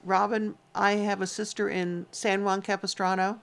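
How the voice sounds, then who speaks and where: A woman's voice: mid-range voice, level tone, normal speed, gravelly. A woman co-hosting a casual livestream, teasing and chatty as she reads out viewer names and comments. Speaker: co-host of a homestead livestream. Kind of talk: casual live chat reading viewer comments.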